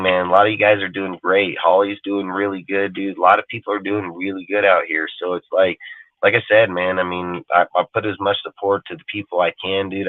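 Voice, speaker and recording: A man's voice: deep voice, no room sound. A male host of a live sports talk show, rambling bluntly and swearing heavily in a profane livestream rant. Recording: dry, phone-like lo-fi audio.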